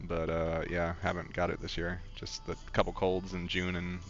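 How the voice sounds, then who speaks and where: Streamer, man with a cold: low, bright, rambling casual chat, slightly dull mic. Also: monotone, moderate pace. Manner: rambling, candid, swears freely. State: has a head cold. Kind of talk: casual gaming chatter.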